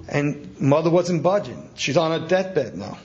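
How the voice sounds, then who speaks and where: A man preaching a sermon as a Catholic priest, telling stories in a colloquial, animated way with emphatic asides. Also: fairly high pitch, a little slow. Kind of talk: storytelling sermon. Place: talk at a conference event. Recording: dull lo-fi event recording.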